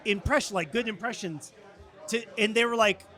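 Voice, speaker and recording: A man's voice: high-pitched, normal speed, sharp tone, a faint crowd. A man hosting a comedy podcast, rambling through casual chat. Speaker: podcast host.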